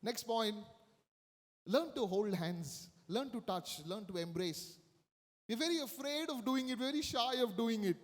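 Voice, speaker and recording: A man's voice: very high voice, lively intonation, unhurried, big-room sound. A man preaching a sermon as a priest, emphatic and repeating his key phrases.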